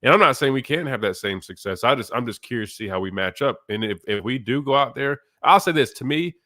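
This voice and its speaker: A man's voice: mid-range voice, animated, fast, sharp tone, no echo. Male sports radio host, congested nasal voice, loose rambling delivery, dry close sound. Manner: casual, rambling, many fillers.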